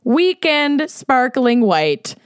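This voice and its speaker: A woman's voice: sits high, big pitch swings, very slow, smooth, no room sound, clean studio sound. A woman co-hosting a casual podcast, playful and enthusiastic, with many affirming murmurs. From Minnesota. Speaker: podcast co-host. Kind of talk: casual chat.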